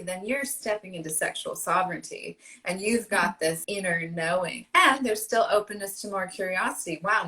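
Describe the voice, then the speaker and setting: A woman guest coach speaking in a flowing, affirming way, sometimes dropping soft. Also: fairly low pitch, poor audio. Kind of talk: conversational interview.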